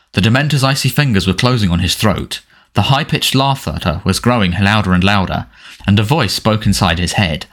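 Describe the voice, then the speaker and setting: A man with a lowish voice reading a storybook aloud. His delivery is dramatic and expressive, with pitch that rises and falls widely. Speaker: narrator. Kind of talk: audiobook narration.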